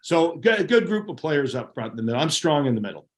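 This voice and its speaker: A middle-aged man, a former hockey goalie, telling lively locker-room stories as a guest. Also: a little high, quick pace. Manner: animated, laughing anecdotes. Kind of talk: casual storytelling.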